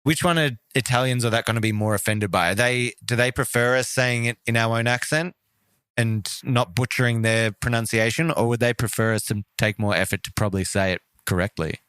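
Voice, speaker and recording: Aussie co-host, teasing, bright clear voice, dry mic. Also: male voice, medium pitch, steady tone, a little fast, no echo. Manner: teasing, laughing. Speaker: podcast co-host. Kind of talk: casual chat.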